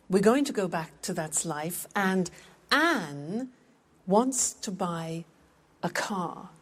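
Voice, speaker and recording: A woman teaching English in a scripted lesson, explaining clearly and patiently and repeating words for practice. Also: mid-range voice.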